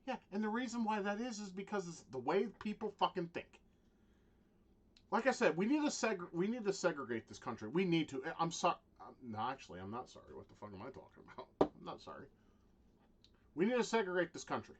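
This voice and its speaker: A man ranting in a profane vlog monologue, halting with restarts and swinging from low muttering to loud shouting. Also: sing-song. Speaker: vlogger.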